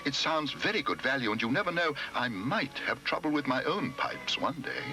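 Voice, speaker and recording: A man's voice: mid-range voice, big pitch swings, normal speed, over loud music, lightly acted, rough recording. A man voicing a polite, earnest young male bear in a storybook reading, with formal phrasing. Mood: thoughtful.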